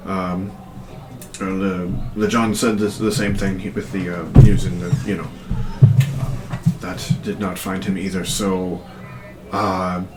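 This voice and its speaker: A man's voice: sits low, level tone, unhurried, darkish tone, soft background music. A man voicing a flustered male wizard advisor who stammers, apologizes and stays overly polite, in an echoey room. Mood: apologetic.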